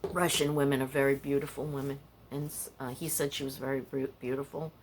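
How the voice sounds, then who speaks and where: A woman's voice: a bass voice, little pitch movement, brisk, background noise. An older woman hosting a casual podcast, rambling and candid as she tells stories and confides her feelings. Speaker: podcast host. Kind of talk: casual personal chat.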